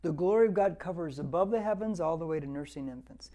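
A pastor in his sixties, speaking fast with a fairly high, mellow voice, preaches verse by verse through a Bible passage. He keeps it conversational, repeating words for emphasis as he builds to fervent exhortation.

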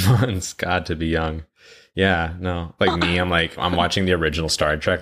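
A young man co-hosting a podcast in casual chat, telling stories with swearing and sudden high mocking voices. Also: normal speed. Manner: animated storytelling, swearing, jumps into high mocking voices for quotes. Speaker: podcast co-host.

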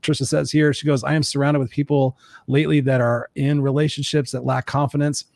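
A man's voice: medium pitch, level tone, brisk, gravelly, a little mellow, dry recording. A man hosting a live show, reading viewer comments and asking his co-host questions in a casual, conversational way.

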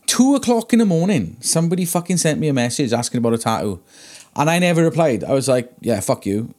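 A tattooist co-hosting a podcast tells stories in casual chat, swearing heavily and ranting animatedly. His voice is fairly high and quick.

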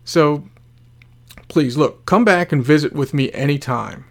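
A man voicing a kind, steady castle that speaks gently and reassuringly. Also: on the high side, a little slow. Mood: gentle. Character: kind, steady male castle, calm and encouraging.

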